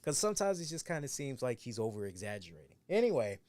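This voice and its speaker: A man's voice: medium pitch, sing-song, fast talker, a little mellow, dry recording. A man co-hosting a casual podcast chat, rambling and swearing as he acts out the voices of people he quotes. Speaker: co-host.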